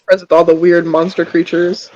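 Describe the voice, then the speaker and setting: Man, high voice, player, hesitant, casual, tabletop game. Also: little pitch movement, normal speed, darkish tone, highs cut off.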